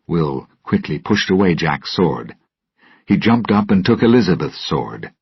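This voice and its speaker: Very husky, deep man reading slowly. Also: very animated, no room sound. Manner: slow and deliberate. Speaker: storybook reader. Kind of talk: graded-reader story narration for English learners. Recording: dull lo-fi recording.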